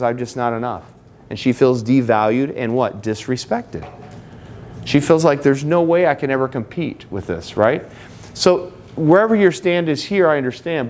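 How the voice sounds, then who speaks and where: Addressing a live audience at a marriage seminar, a middle-aged man with a fairly high-pitched voice keeps things chatty and humorous, drawing heavily on stories from his own life.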